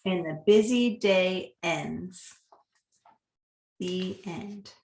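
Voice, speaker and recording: A woman reading picture books aloud to a child, slow and animated, with animal sounds. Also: lowish voice, creaky, a little hiss or hum. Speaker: reader to a child. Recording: echoey room.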